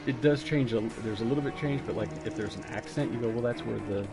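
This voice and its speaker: Over loud game music, a man talks fast at a medium pitch while streaming a game. His chat is casual, rambling as he thinks aloud through his play.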